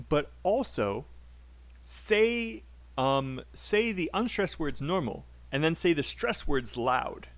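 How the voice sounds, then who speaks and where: A British man who teaches English in a live online class, upbeat and explaining, modelling sentences aloud for his students. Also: on the high side.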